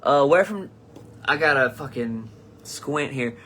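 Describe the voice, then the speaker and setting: Speaking slowly with lively intonation, a young man with a mid-range, pushed and bright voice hosts his live comedy stream. He reads fan comments out loud and replies casually, wandering off topic, cursing, and frequently starting over.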